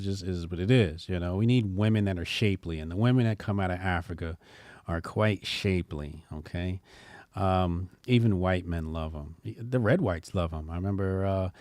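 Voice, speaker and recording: A man's voice: low-pitched, a little mellow, no echo. A man hosting a casual opinion show, talking bluntly with rambling, joking asides. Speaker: commentary show host.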